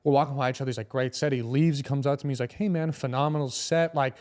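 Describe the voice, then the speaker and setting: A young male comedian tells stories on a podcast in a loose, casual way. He is animated and swears freely, and he slips into the voices of the people in his stories. His voice sits at a middle pitch. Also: fast. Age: young adult. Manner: animated, swearing, acts out quotes. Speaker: guest comedian.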